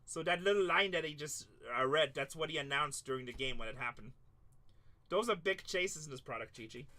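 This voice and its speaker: Male live card-break host with a high, sharp voice and a chatty, bantering manner. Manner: chatty banter with viewers, quick apologies. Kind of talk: casual live-stream chat.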